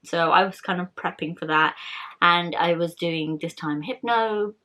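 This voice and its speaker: A young woman talks in a candid, rambling way, full of fillers and restarts. Her voice sits low for a woman. It is relaxed, everyday vlog chat. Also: moderate pace. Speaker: vlogger. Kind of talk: casual chat.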